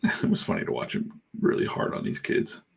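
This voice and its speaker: A middle-aged man, a comic artist, chatting in a rambling, irreverent way on a livestream while he works, swearing freely. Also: fairly quick. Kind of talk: casual livestream chat.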